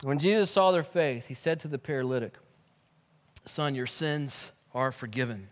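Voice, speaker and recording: A man preaching a sermon, animated and conversational, with casual slang, to a room of believers. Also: mid-range voice, normal speed. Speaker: pastor. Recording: echoey hall.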